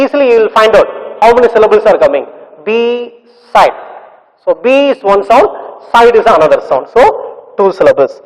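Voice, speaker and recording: High-voiced man teaching in a reverberant room. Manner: slow, repetitive explaining with drawn-out sounds. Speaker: English teacher. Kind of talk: classroom lesson.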